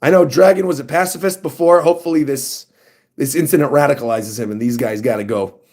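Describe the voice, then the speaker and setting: A man streaming a casual manga reaction, reading panels aloud and commenting in an excitable, animated way. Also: mid-range voice, brisk. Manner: excitable, animated, reads lines in funny voices.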